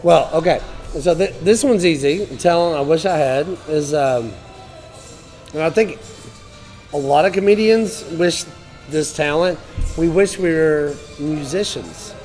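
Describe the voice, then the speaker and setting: A man comedian talks in a loose, self-mocking way, with a voice a bit high for a man. Faint music hums in the background. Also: measured pace, a little mellow, rough recording. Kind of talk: casual interview answers.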